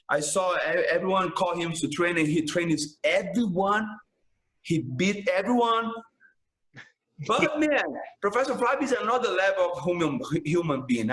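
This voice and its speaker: A Brazilian man with a high, lively-sounding voice speaks English as a second language, his phrases breaking and restarting. The room around him is roomy, with a clear echo. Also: normal speed. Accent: Brazilian Portuguese. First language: Portuguese. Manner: broken English, frequent restarts, emphatic "man". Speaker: jiu-jitsu instructor, podcast guest. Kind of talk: casual storytelling chat.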